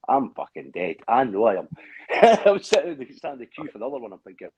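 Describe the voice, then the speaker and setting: Man, husky voice, lively swings in pitch, sweary laughing storyteller. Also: fast, highs cut off. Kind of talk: casual chat.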